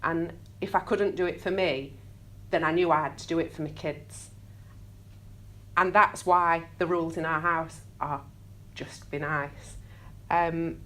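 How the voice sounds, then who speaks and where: A woman's voice: deep voice, a little hiss or hum. A woman in her thirties with a Sheffield accent, giving a candid, self-deprecating talk to a live audience in a community hall, laughing easily. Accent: Sheffield English. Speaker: public speaker.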